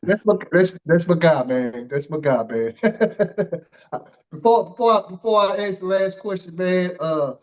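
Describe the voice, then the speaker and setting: A male interview host with a fairly high voice who rambles along in casual chat. He leans on fillers and restarts his sentences. The audio sounds muffled and lo-fi. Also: animated, unhurried. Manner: rambling, loaded with "you know" and "man". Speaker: podcast host.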